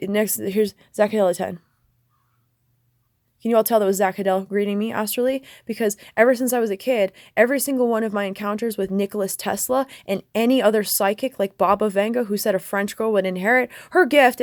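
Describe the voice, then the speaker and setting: A woman delivers a rapid monologue to the camera from her bedroom. She swears freely and leaps from one thought to the next. Her voice sits mid-range and the sound is dry and close, with no room echo. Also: medium pitch, steady tone. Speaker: vlogger.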